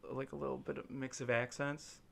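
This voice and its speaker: Brisk and creaky, with a mid-range voice, a young man from Illinois, USA, co-hosts a relaxed podcast. He tells long-winded stories stuffed with fillers, livening them up with animated voices whenever he quotes someone.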